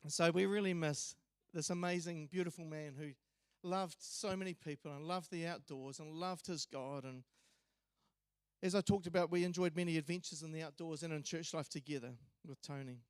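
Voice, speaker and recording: A man delivers a memorial eulogy in a church, telling stories conversationally with small hesitations. His voice sits high for a man. The recording is dry and close, with little room sound. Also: steady tone, moderate pace, clear, resonant tone, dry recording. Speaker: eulogy speaker.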